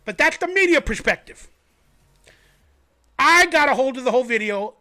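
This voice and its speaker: A man hosting a fan livestream, telling a story in an animated, rambling way. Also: very high voice, normal speed. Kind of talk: casual sports commentary.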